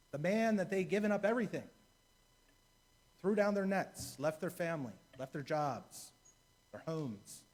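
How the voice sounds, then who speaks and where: Man preaching, higher voice. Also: a little mellow. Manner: storytelling, repeats key phrases for emphasis. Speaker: deacon. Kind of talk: sermon. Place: church.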